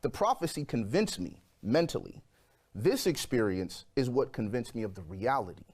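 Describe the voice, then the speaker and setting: Animated man telling a personal testimony. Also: mid-range voice, normal speed, slightly rough. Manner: animated storyteller, acts out quoted voices. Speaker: guest.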